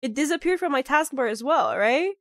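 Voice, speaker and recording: Woman streamer, nasal sick voice, fairly high, dry close sound, rambling chat full of fillers. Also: a little fast, no echo. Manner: rambling, animated, heavy on "like" fillers. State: sick, nasal with a clogged nose. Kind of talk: casual live-stream chat.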